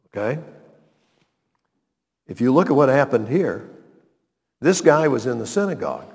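A man's voice: mid-range voice, sing-song, measured pace, vocal fry, pauses often, darkish tone, big-room sound. A man preaching a radio sermon as pastor, emphatic and asking the listeners rhetorical questions.

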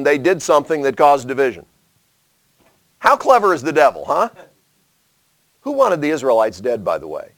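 A man preaches a sermon in a mid-pitched voice. He asks rhetorical questions and swings between loud emphasis and hushed asides. The sound is close and dry. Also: dry recording.

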